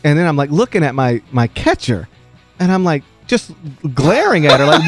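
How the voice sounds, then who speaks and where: A man's voice: fairly high pitch, very animated, moderate pace, faint music behind. A man hosting sports talk radio, telling a story in an exasperated, self-mocking way into a studio microphone. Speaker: radio show host.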